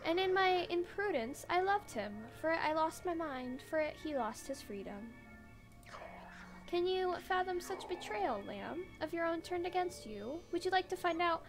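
A woman's voice: very high-pitched, lively intonation. A woman reading as a sorrowful ancient spider god. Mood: solemn. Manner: slow solemn reading of game dialogue. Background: game music.

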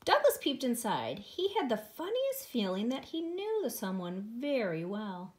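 A woman's voice: on the high side, a little slow. Teacher lady reading a picture book to preschoolers, sing-song, voice goes all over the place. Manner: expressive, sing-song storytelling.

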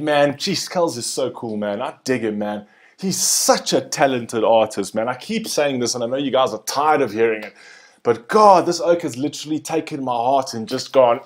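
A young adult man giving excited, chatty reaction commentary, often tacking "man" onto his sentences. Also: medium pitch. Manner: hyped and chatty, often ending phrases with "man". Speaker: music reaction host.

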